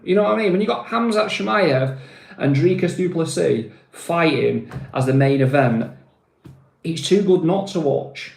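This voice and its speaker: A man's voice: fairly high pitch, animated, moderate pace, creaky, darkish tone, echoey room. A man from Manchester with a Mancunian accent, hosting a casual live stream, rambling with lots of fillers and calling viewers mate. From Manchester, England.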